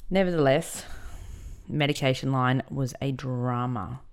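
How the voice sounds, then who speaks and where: Aussie woman podcaster, frank and chatty, lots of ums, a bit of fry in the voice. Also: a bass voice, a little slow. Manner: candid and conversational, with many fillers. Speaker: podcast host. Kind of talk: personal storytelling.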